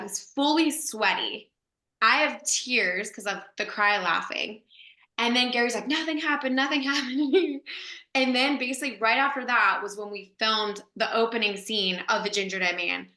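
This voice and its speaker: A bright, slightly high woman's voice tells a guest anecdote at a lively clip, leaning on "like" constantly and breaking into laughter. The room around her is echoey and bare, with a roomy ring on every line. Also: moderate pace. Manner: chatty, lots of "like" fillers, laughs while telling. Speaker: guest actress. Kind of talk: animated anecdote storytelling.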